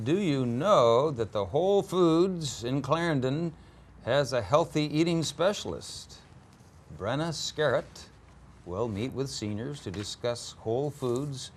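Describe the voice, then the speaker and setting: A man's voice: mid-range voice, lively intonation, unhurried. A man hosting a local news show, reading announcements loosely with fillers and slips. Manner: loose read with ums and slips.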